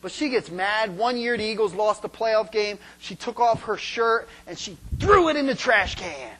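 A man delivers a sermon with a notably high voice and a playful, conversational manner. He punctuates his points with "right?" and "okay?" and breaks into loud imitations of cheering crowds. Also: normal speed, rough recording. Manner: animated, acts out fans shouting and singing; rhetorical "right?" after points. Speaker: pastor.

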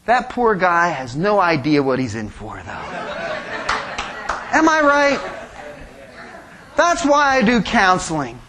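A man preaching a sermon as pastor, animated, acting out quoted voices and making joking asides. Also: high voice, slow, long pauses, crowd noise.

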